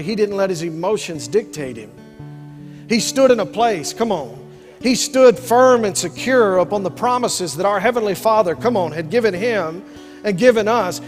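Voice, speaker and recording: A man preaches in a high, ringing register, folksy and fervent by turns. His voice carries a long reverb from the church sanctuary, and soft guitar plays faintly beneath him. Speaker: pastor. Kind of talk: sermon.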